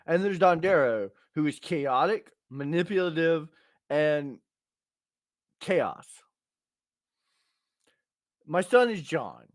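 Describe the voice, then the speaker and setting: A man's voice: on the high side, lively intonation, takes it slowly, long pauses, no room sound, studio quality. A man in his thirties hosting a podcast, telling crude, punchy stories in casual chat. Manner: crude, storytelling with punchy asides. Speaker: podcast host.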